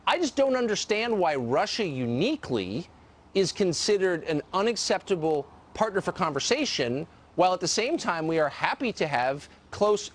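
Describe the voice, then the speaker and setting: A male host of a televised news show questions his guest and then turns to commentary. His voice sits somewhat high, with pitch that moves a lot. He asks pointed questions, sometimes stumbling over the first words. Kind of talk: live TV news interview and commentary.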